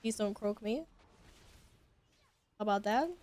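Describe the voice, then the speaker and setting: In an unhurried, mid-range and slightly mellow voice, a young woman streams a game. Her commentary is casual and chatty, aimed at her viewers while she plays, with some casual swearing along the way.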